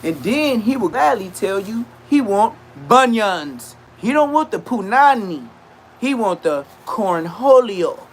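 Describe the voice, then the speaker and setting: A man on a casual rant to his online audience, his voice pitched a bit high and swinging up and down with lively energy. He repeats himself and talks in loose street slang. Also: takes it slowly, slight background noise.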